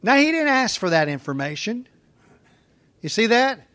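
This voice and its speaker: A man's voice: very high voice, sing-song, normal speed, a bit bright. A man teaching a conversational Bible lesson, explaining in an informal way with fillers and restarts.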